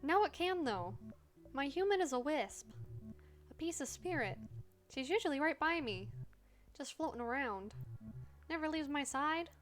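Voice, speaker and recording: Cheerful ghost pup voice, high and eager, kinda clumsy, woman doing it. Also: animated, measured pace, pauses often, faint music behind. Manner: earnest, chirpy, a bit clumsy. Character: friendly, eager ghost puppy named Dave. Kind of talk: reading a game's dialogue aloud.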